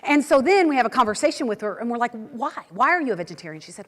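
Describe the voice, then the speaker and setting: A woman's voice: mid-range voice, lively intonation, rapid-fire. An American woman and agriculture news host giving a conference talk, telling stories in a chatty way with frequent restarts. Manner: chatty storytelling with repeated words and restarts. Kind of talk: conference presentation. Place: meeting hall. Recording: long hall reverb.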